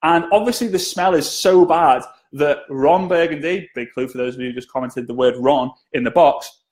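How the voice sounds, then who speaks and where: A chatty male sales trainer running a live-stream lesson, with a fairly high voice. He jokes with viewers and keeps nudging them to comment. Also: moderate pace, a little mellow.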